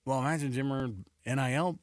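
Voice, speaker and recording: A man's voice: mid-range voice, fairly even intonation, brisk, no echo. A man hosting a casual sports talk radio show in a studio, joking and playful. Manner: joking, playful, does voices.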